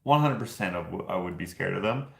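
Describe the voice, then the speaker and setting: A man's voice: low voice, animated, fast talker, vocal fry. Rambling, jokey man in an echoey room. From Canada. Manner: rambling, jokey, laughs at own stories. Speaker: show host. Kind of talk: casual chat.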